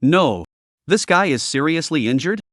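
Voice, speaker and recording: A man voicing a calm, wary young priest hero. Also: fairly high pitch, moderate pace, no echo, clean studio sound.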